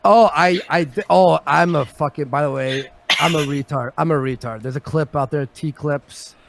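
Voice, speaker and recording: A man hosting a casual livestream chat, telling stories in an animated way and swearing often. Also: fairly high pitch, normal speed, vocal fry, slight background noise. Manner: animated, swearing storyteller who swings from loud to mumbled. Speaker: show host.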